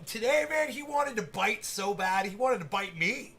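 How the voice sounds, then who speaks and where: Male channel host, loose profane chat, slightly high pitch. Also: expressive, moderate pace, sharp tone. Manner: rambling, profane, laughs often. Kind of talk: casual chat.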